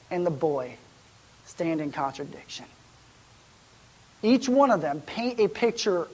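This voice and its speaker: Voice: medium pitch, a little mellow, husky. A pastor preaching a sermon in a church, in a conversational way that wonders aloud and asks rhetorical questions.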